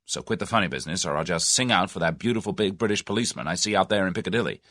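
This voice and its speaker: A man's voice: sits low, racing, no room sound, studio quality. Brash American in his thirties, pushy and direct, voiced by the narrator, American accent. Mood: forceful. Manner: forceful, blunt.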